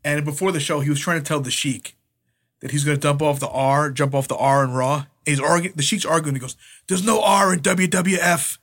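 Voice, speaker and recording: A man co-hosting a podcast, telling old wrestling stories in a profane, animated way and imitating other people as he goes. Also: on the high side, fast talker. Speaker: podcast co-host, former wrestler. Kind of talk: casual storytelling chat.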